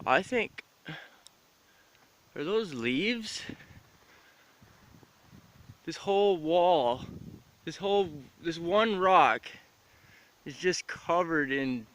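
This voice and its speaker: A man's voice: fairly high pitch, expressive, drawn-out words, long pauses, a bit bright, low-quality recording. A man vlogging outdoors in winter. He thinks aloud while hiking and shivers from the cold. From Canada. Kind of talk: casual narration while filming. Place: outdoors by frozen waterfalls in winter wind. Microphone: handheld camera mic. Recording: windy outdoor camera audio.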